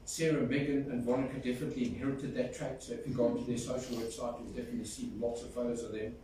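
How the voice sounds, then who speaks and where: At a funeral in a large, echoey hall, a man gives a fond, storytelling eulogy and sings a folk song. His medium-pitched voice is dark and racing with little pitch movement, recorded from far off with faint noise.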